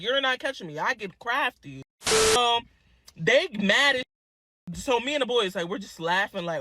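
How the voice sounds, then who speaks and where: A woman telling a story in a crude, animated way, swearing freely. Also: mid-range voice, no room sound, clean studio sound. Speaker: vlogger. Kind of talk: casual storytelling.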